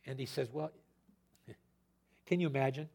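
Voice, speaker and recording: A male preacher giving an expository sermon in a conversational, animated way, retelling the scripture with his own asides. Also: medium pitch, normal speed, vocal fry.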